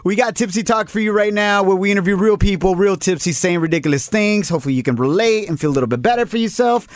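Upbeat high-voiced male radio host. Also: quick pace, dry recording. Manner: upbeat, laughing, presenting segments. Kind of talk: casual radio banter.

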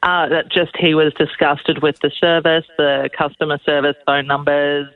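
A woman's voice: sits low, flat delivery, moderate pace, no room sound. Hesitant woman caller on a phone line. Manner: hesitant, many uhs. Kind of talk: phone-in story.

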